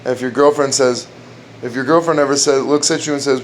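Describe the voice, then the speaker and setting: A man riffs through crude jokes in a dark room at home, rambling and restarting his lines as he goes. His voice sits at an ordinary middle pitch. A faint air-conditioning hum runs behind him. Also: fairly even intonation, quick pace. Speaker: amateur comedian trying out jokes. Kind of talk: casual joke-telling at home.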